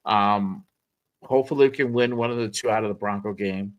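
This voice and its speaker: A man's voice: lowish voice, brisk, muffled recording. A man hosting a sports podcast, talking in a loose, rambling way, swearing and repeating himself. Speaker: podcast host. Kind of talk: casual sports podcast chat.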